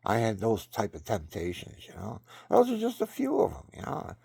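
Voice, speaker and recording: Low gravelly older man. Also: wildly swooping pitch, normal speed, dark tone, no echo, clean studio sound. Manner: meandering, restarts sentences, chuckles at his own stories. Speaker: vlogger telling personal stories. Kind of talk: rambling personal storytelling with religious advice.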